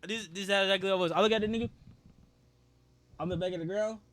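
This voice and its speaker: Young male streamer, casual storyteller; bright, forceful voice, animated and profane. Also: high-pitched, fast talker, a little hiss or hum.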